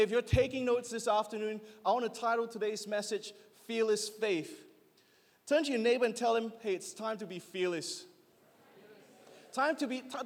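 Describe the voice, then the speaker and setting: High-voiced young pastor in a reverberant hall. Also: male voice. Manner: lively, urging the crowd to call back. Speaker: youth pastor. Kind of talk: sermon.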